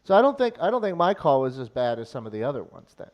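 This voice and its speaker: A man co-hosting a radio podcast, upbeat and quick to laugh. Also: medium pitch, muffled recording. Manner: lively, laughs often, upbeat. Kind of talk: casual chat.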